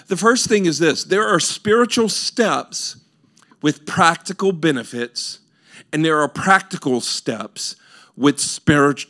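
A man's voice: on the high side, fairly bright tone. A male pastor preaching a sermon, earnest and building with repeated rhetorical questions.

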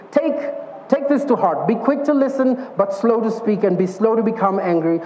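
A man's voice: sits high, mellow, a little hiss or hum. A man giving a conversational sermon as a preacher, telling stories earnestly and acting out the quotes in them. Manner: earnest storytelling with vivid acted-out quotes. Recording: echoey hall, dull lo-fi sound.

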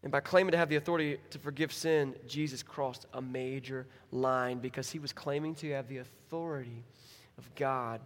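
A man's voice: mid-range voice, moderate pace. A man preaching a sermon as a pastor, telling stories with acted-out voices. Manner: animated storytelling with acted-out voices. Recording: hall reverb.

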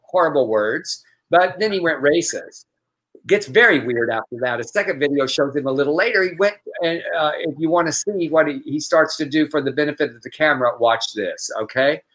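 A man's voice: on the high side, a bit bright. Chatty exasperated man co-hosting a news show. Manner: chatty, exasperated, profane asides. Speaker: podcast co-host. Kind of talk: casual news commentary.

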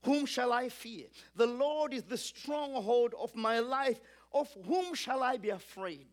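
A man preaching a sermon, emphatic, building through repeated lines and calling on the congregation to repeat after him. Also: high voice.

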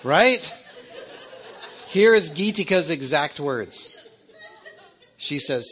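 A man in his fifties, an author telling a story to an audience in an animated, chatty way, often checking in with "right?". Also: fairly high pitch, slow pace, pauses often. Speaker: author and speaker.

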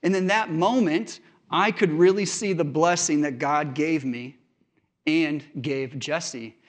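A man's voice: on the high side, slow pace. A male pastor giving a sermon, telling stories from his family life in an earnest, conversational way.

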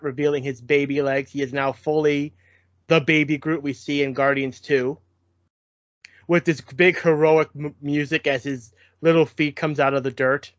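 Man, podcast co-host, casual chat, animated, laughs often, fairly high voice, dull dry recording. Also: no echo. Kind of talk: casual chat recapping shorts.

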